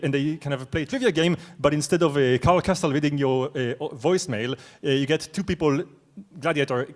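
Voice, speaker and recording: A young man from Israel telling a true story on stage, animated, excitable and self-mocking. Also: on the high side. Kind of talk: live storytelling. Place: stage at a live event.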